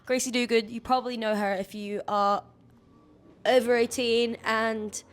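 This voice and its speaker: A woman's voice: on the high side, unhurried. Laughing young woman telling stories. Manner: animated storytelling, laughs a lot. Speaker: podcast co-host. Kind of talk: casual chat.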